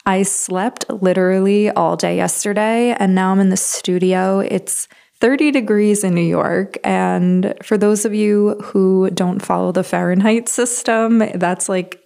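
A woman's voice: medium pitch, steady tone, a little slow, vocal fry, dark tone. A woman hosting a self-help podcast in a casual, earnest, slightly scattered way, tired and jet-lagged and losing her voice, recorded in a studio. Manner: chatty, earnest, a bit scattered. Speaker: podcast host.

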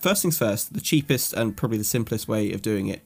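Man, from England, podcast host, explanatory chat, husky. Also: on the low side, lively intonation, fairly quick. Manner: chatty, explains at length with fillers. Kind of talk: casual chat.

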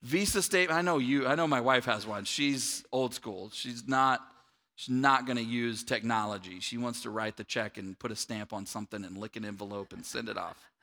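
Speaking at normal speed in a medium-pitched voice, a man delivers a sermon to a church congregation in a lively, conversational style, repeatedly turning to the audience with "right?"

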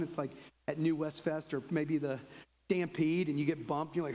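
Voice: mid-range voice, normal speed, in a large hall, low-quality recording. Pasteur à l'canadien, prêche sur un ton de conversation, longue réverbération d'une salle d'église. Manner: conversational, acts out quotes in lively voices. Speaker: pastor. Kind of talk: sermon.

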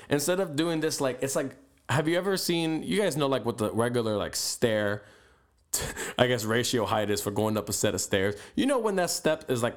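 A young man hosting a podcast, ranting bluntly and profanely in a motivational monologue. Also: medium pitch. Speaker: podcast host. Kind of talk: motivational rant.

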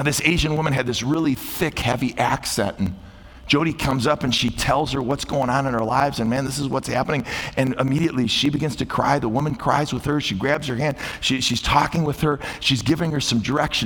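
A middle-aged man preaching a sermon as a guest preacher. He climbs loud and high on his key points, then drops soft and slow on his refrains. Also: husky. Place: church sanctuary. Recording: long hall reverb.

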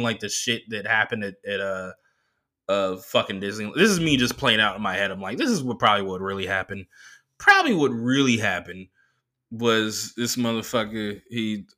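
A man hosting a solo podcast, telling rambling, profane stories in a casual, animated way. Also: lowish voice. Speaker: comedian and podcast host.

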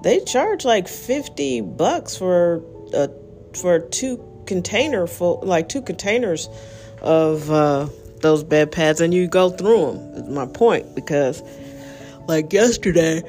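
A woman's voice: on the low side, animated, slow pace, warm tone, faint music behind. Tired woman podcaster, rambling and candid. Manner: rambling, candid, many fillers. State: tired, yawning. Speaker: podcast host. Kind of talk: casual monologue.

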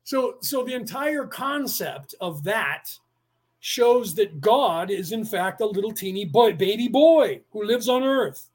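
A man's voice: high-pitched, expressive, slow, slightly rough. A man delivering a rambling, profane monologue, full of rhetorical questions and sudden bursts of speed.

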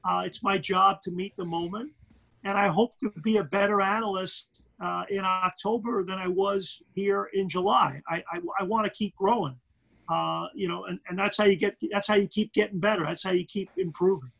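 A middle-aged basketball commentator with a Brooklyn accent, chatting animatedly in an interview and tripping over repeated words. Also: male voice, high voice, fairly even intonation, moderate pace, gravelly, fairly bright tone, husky, poor audio. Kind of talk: casual interview chat.

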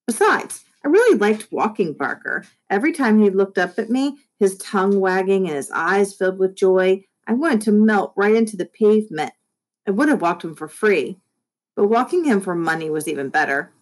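A woman teacher reading a children's book aloud, speaking to the kids in a friendly, expressive way. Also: mid-range voice, moderate pace. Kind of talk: read-aloud storybook narration for children.

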